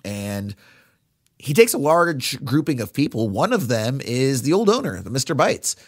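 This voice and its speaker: Man, podcast co-host, casual rambling film recap, mid pitch, dry close sound. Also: moderate pace, no echo. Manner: relaxed, rambling recap with many fillers.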